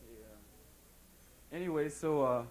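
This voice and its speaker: A man's voice: medium pitch, extremely slow, darkish tone, low-quality recording. A man on a concert stage telling a rambling joke, stalling with fillers and losing his thread, into a stage microphone. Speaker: comedian.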